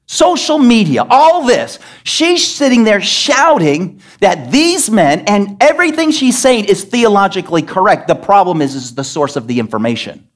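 A church pastor delivers a sermon in a voice that rises and falls widely. The delivery is emphatic, and he keeps throwing questions at the congregation to rally them. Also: mid-range voice. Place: church service.

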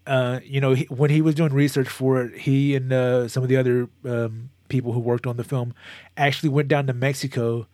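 A man chatting casually as a co-host, telling a long, animated story with many restarts and moments of emotion. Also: medium pitch, brisk, no room sound. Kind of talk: casual chat.

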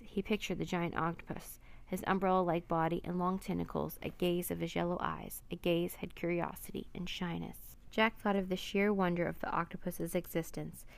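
A woman reading a children's adventure book aloud in a steady, even storybook manner. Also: on the low side, creaky.

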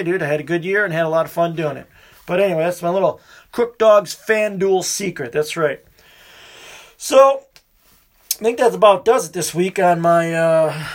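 A man hosting his own show, rambling through a crude monologue and swearing constantly. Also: sits high. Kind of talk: profane casual monologue.

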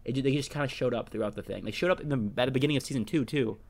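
Young male co-host, rapid delivery, blunt opinions, loose casual chat. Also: medium pitch, creaky. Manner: fast, blunt, rambling with restarts. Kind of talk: casual anime review chat.

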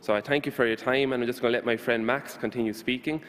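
Irish man, earnest missionary, gentle encouragement, reverberant church. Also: medium pitch, fairly even intonation, fast, slight background noise. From Ireland. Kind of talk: parish mission talk.

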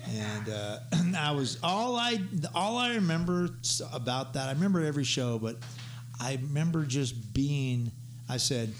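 A man's voice: mid-range voice, animated, moderate pace, slight background noise. Man telling a rambling story. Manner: rambling, with restarts and laughs. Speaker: bass player and singer. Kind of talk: casual storytelling chat.

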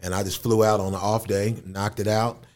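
A man's voice: lowish voice, brisk. A man who raps and does voice acting, telling a story in an interview in casual, slangy talk and acting out the voices of people he quotes. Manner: animated, acts out quoted voices. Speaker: rapper and voice actor.

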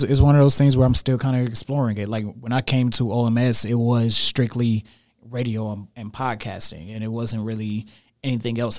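A young man who hosts a radio show appears as a guest on a studio podcast for casual sports talk. In a mid-range voice, he speaks emphatically and animatedly, repeating phrases for weight.

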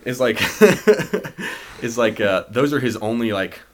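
A man's voice: mid-range voice, steady tone, unhurried. A man talking casually on a podcast, rambling with lots of filler words.

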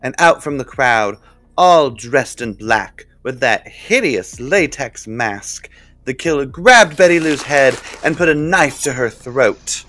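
Brief: a playful male storyteller with a swooping, animated delivery. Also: medium pitch, slow pace. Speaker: narrator. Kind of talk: comic storytelling.

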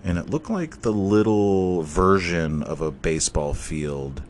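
A man hosting a podcast, telling a long story in casual, rambling talk full of swearing and excited bursts. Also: low-pitched, measured pace, a little hiss or hum. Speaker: podcast host.

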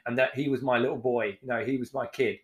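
A man's voice: mid-range voice, fairly even intonation, fast talker. A man in his forties, a chef and podcast guest, telling his story frankly and emotionally, swearing freely and acting out old conversations.

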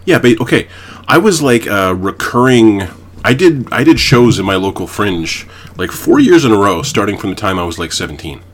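Here a young Canadian podcast co-host rambles through long stories full of fillers, keeping the chat casual. His voice sits lowish and swings widely in pitch at a normal speed, with slight background noise in the recording.

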